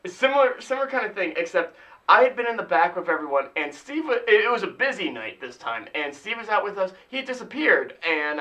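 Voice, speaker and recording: A man's voice: high voice, bright, forceful tone, far from the mic, poor audio. A man in his twenties, a podcast co-host, telling a laid-back story with lots of fillers. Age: 20s. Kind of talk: casual chat.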